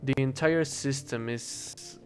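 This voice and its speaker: Young man, mid-pitched, rambling chat over a game with faint music under it, stops and restarts a lot. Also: slow pace, darkish tone. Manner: rambling, hesitant, self-correcting, swears casually. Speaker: English teacher. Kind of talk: casual rambling talk while gaming.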